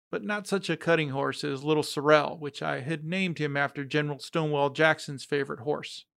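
A man narrating a story read from a letter, steady and reflective. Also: a little high, gravelly, no echo, studio quality.

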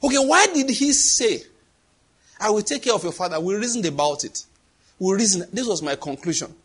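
A man preaching in a high, husky voice. His delivery is lively and dramatic, swinging widely in pitch as he acts out voices and sound effects. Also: normal speed. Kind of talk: sermon.

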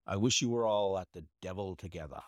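A gruff, hot-tempered market salesman who shouts and blusters, voiced by a man reading a storybook. His low voice swings wide in pitch. The sound is dry and close. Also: big pitch swings, slow, no room sound, heavily acted. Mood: angry.

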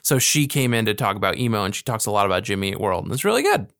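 Man, podcast co-host, casual music chat, rambling, smooth clear voice, dry close sound. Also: lowish voice, very animated, rapid-fire, a bit bright, no room sound. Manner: rambling, filler-heavy, chatty.

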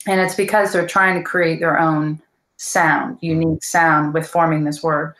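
A woman's voice: low-pitched, little pitch movement, normal speed, fairly bright tone. Earnest woman voice teacher, echoey room. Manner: thoughtful, earnest, many fillers. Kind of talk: casual interview talk.

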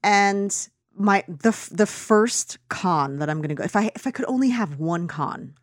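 A woman's voice: medium pitch, normal speed, no echo. Ranting woman, dry sound. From United States. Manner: animated, ranting, many fillers and restarts. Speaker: podcast co-host reviewing a film. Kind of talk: casual opinionated chat.

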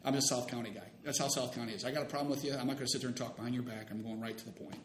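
A man's voice: steady tone, very fast. A middle-aged man in casual chat, rambling and acting out the people in his story. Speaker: storytelling guest. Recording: roomy room with faint rumble.

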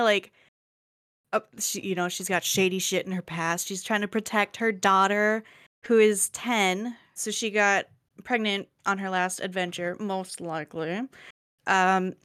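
Smooth-voiced woman in casual book chat. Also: medium pitch, no room sound, clean studio sound. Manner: animated, laughing, casual swearing. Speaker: book podcast co-host.

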